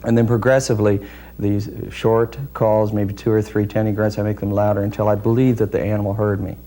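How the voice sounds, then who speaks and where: Low mellow guy explaining deer calls, careful and technical, lots of uh's. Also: flat delivery. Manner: measured and technical, with frequent hesitations. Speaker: deer calling expert guest. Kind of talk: explanatory interview talk.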